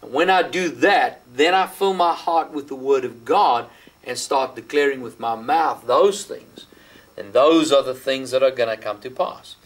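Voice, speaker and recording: An Australian man preaches a sermon in an ordinary mid-range voice. He leans hard on key phrases, slowing right down to stress them. He speaks as a teacher, walking listeners through the verses they should underline. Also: medium pitch, low-quality recording. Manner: emphatic, slows down to stress key words; talks the listener through marking up the Bible. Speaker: pastor.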